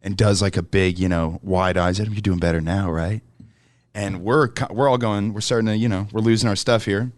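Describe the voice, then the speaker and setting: A man's voice: fairly low pitch, fairly even intonation, a little fast, hardly any pauses, dry recording. A man, a comedian and podcast guest, telling stories in casual chat and often laughing mid-sentence.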